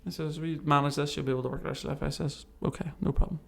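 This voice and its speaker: He's a podcast guest in a relaxed interview, speaking very quickly in a fairly high voice with some vocal fry. Telling his own story with real energy, he plays out the conversations as he remembers them.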